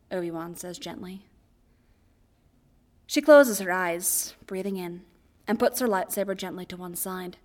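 A woman narrating fan fiction aloud as an audiobook, in a quiet, even storytelling voice. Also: on the low side, a little slow.

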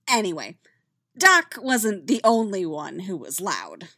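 A woman reading fan fiction aloud as a podfic, with soft, steady storytelling. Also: mid-range voice, takes it slowly, no room sound, studio quality. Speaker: podfic reader.

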